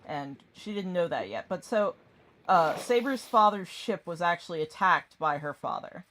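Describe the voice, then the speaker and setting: Low-voiced rambling woman gamer. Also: animated, a little slow, a bit bright. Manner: rambling, distracted, swearing. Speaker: gaming streamer. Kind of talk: casual chat while gaming.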